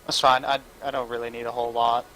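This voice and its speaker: A man's voice: medium pitch, little pitch movement, fast, pushed and bright, a little hiss or hum, low-quality recording. A man playing a tabletop game, a bit hesitant and restarting his sentences. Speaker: player.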